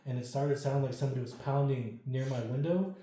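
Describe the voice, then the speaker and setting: A man's voice: mid-range voice, quick pace. A man telling a ghost story as a podcast guest, casual and full of swearing. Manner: profane, animated storyteller. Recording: very echoey room.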